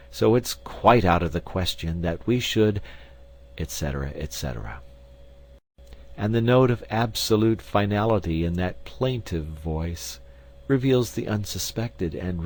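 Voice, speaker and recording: A man reading an essay aloud as an audiobook narrator, in a measured, formal manner. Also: fairly low pitch, a little mellow, poor audio. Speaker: audiobook reader.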